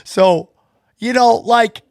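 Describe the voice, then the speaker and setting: Excitable high-voiced male podcast host. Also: slow, vocal fry, dry recording, studio quality. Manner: excitable, swearing, acts out both sides of conversations. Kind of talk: casual chat, storytelling.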